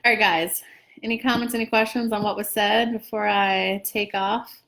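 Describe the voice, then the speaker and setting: A woman's voice: medium pitch, fairly even intonation, moderate pace, a bit bright. A woman who is a spiritual teacher, chatting casually and self-deprecatingly with viewers on a livestream from home.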